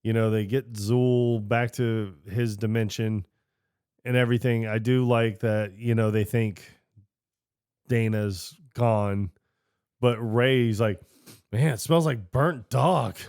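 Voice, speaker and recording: Animated man retelling movie scenes. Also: fairly low pitch, slow, clear, resonant tone, no room sound, studio quality. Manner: animated, acts out movie lines in raised voices. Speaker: podcast co-host. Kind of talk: casual film chat.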